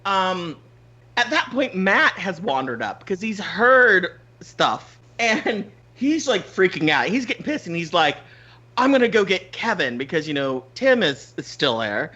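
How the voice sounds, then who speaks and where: Man, podcast host, bright tense voice, very lively pitch, swears a lot, slightly muffled audio. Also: a little slow. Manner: animated, swears freely, laughs often. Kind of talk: casual storytelling chat.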